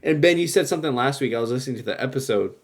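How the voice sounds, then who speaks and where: A young man co-hosting a podcast with a voice of ordinary pitch. He talks with lively energy, curses casually, and jumps into loud, fired-up rants. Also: rapid-fire. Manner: animated, swears freely, flares into loud outbursts. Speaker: podcast co-host. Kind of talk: casual chat.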